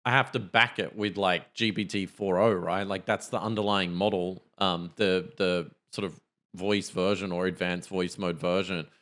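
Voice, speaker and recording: Man, low voice, podcast co-host, skeptical, hesitant, frequent restarts. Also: fairly even intonation, moderate pace, a bit bright. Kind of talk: casual tech chat.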